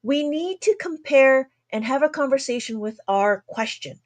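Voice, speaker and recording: In a chatty livestream lesson, a woman with a high, animated voice shows how to do long division on an abacus. She laughs a lot and tries to rein in her naturally quick speech.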